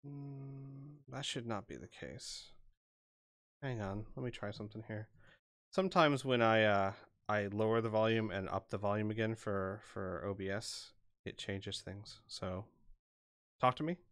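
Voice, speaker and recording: A man's voice: lowish voice, unhurried, fairly bright tone, dry recording. Casual male game master, dry close sound. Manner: casual, thinks aloud while working out rules and dice. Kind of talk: running an online tabletop game.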